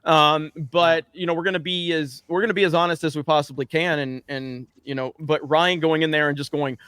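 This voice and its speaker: A man's voice: fairly high pitch, fairly even intonation, a little fast, fairly bright tone, clear, resonant tone, no echo. A man hosting a podcast in casual chat, laughing often and swearing freely. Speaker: podcast host.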